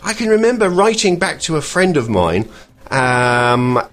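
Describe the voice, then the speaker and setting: A man hosting a podcast, chatting in a rambling way and pausing to search for words. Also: a little high, big pitch swings, a bit bright, faint music behind. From England. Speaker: podcast host. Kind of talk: casual podcast monologue.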